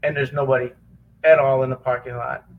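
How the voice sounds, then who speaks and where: Earnest man, halting and emotional. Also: medium pitch, little pitch movement, phone-quality sound. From Chicago area. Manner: halting, earnest, many restarts and fillers. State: near tears, choked up. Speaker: podcast guest, former police officer. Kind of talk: emotional personal testimony.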